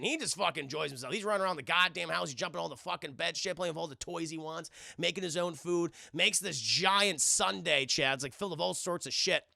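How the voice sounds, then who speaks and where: A man with a high, gravelly voice, recapping a film to his live chat. He talks in a loose, profane way and acts scenes out with big swings in loudness. The sound is bright and dry. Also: brisk, few pauses, no echo. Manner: animated, acts out scenes in shouted voices, swears a lot. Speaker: film reviewer streaming to chat.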